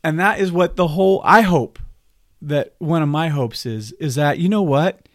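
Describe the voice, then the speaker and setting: A man co-hosting, calmly reflecting on a story and drawing a lesson from it. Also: a little high, moderate pace. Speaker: podcast co-host. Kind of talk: reflective commentary.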